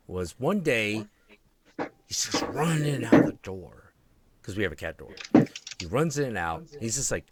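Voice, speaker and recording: A man hosting a live video-call stream, telling a story in an animated way and swearing freely. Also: lowish voice, unhurried, slight background noise. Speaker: host. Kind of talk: casual chat on a live stream.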